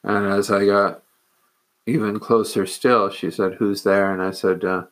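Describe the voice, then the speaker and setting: Male monk storyteller; low, monotone voice, earnest, measured, a little halting. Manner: measured, earnest, with hesitant pauses. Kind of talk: personal storytelling.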